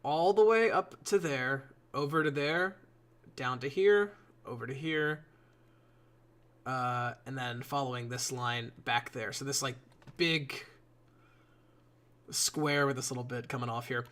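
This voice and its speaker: Bright-voiced casual male streamer. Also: medium pitch, unhurried, pauses often. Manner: rambling, casual swearing, chats to viewers. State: yawning a lot. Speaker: live streamer. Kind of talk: casual live-stream commentary while building.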